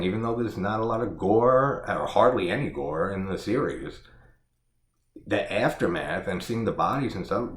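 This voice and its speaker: A man's voice: low-pitched, echoey room. A man giving a casual, exasperated spoken movie review, full of laughs, swearing and "like" fillers.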